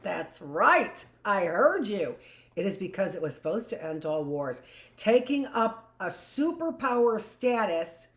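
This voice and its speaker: Slow-talking woman teacher, echoey room. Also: mid-range voice, very animated. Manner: asks questions and answers for imagined students; chatty, jokey asides. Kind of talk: live online history lesson.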